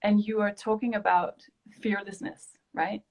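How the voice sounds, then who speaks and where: A woman's voice: mid-range voice, level tone, a little slow, darkish tone. A woman from Denmark, hosting a casual online interview over a video call and giving lots of encouraging agreement. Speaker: host.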